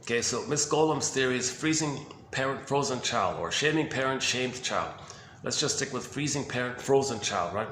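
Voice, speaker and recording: A man's voice: medium pitch, lively intonation, normal speed, a bit bright. A man giving a rambling, casual talk about psychology, thinking aloud with many restarts. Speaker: video host. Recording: roomy echo with faint hiss.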